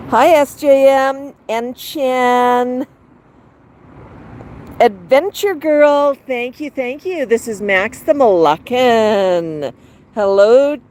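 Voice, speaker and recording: On an outdoor patio, a woman with a fairly high, darkish voice livestreams with her pet bird, cooing baby talk at it and reading viewers' chat comments. The rough recording picks up traffic noise from passing cars.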